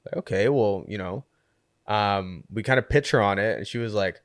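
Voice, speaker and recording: A man's voice: lowish voice, normal speed, dry recording, studio quality. A man, a guest on a podcast, telling a story in a casual chat, leaning on "like" and acting out what people said. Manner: animated storyteller, heavy use of "like", acts out quotes. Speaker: podcast guest, community co-founder.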